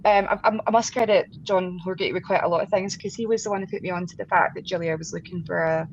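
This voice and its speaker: A woman's voice: fairly low pitch, fairly even intonation, quick pace, gravelly. A woman guest musician in a casual interview, chatting with frequent laughs, fillers and restarts. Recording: dull lo-fi sound with faint background noise.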